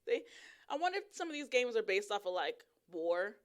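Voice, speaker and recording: A woman co-hosting a casual podcast chat, quick with jokes and wisecracks. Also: mid-range voice, big pitch swings. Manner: jokey, quick with wisecracks and laughter. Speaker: podcast co-host.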